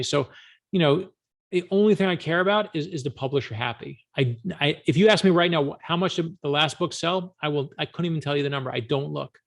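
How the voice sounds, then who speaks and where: A man who is an author, a guest on an interview podcast, telling stories in an animated, emphatic way. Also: fairly high pitch, gravelly. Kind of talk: storytelling interview answers.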